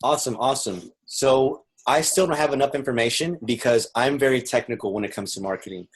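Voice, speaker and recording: A man's voice: medium pitch, fairly quick, slightly rough. A man teaching marketing sales on a video call, earnest and explaining step by step. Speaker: marketing instructor. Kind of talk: teaching sales with role-play.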